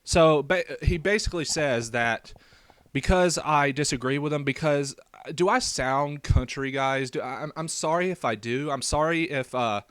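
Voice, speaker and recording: Speaking at normal speed with a voice on the high side, this young man sounds fairly bright, clear and resonant, with no room sound. He is a YouTube vlogger with a faint rural Southern American accent, hesitantly rambling through a response video with many fillers and restarts.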